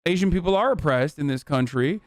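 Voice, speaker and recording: A man's voice: fairly high pitch, lively intonation, brisk, no room sound, studio quality. A man streaming live, reacting to a video with rambling, profane, emphatic commentary.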